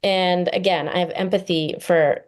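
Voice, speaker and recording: A woman's voice: on the low side, fairly even intonation. A woman therapist speaking as a podcast guest, earnest and chatty with many fillers. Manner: earnest, with frequent fillers and quick laughs. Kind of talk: casual podcast conversation.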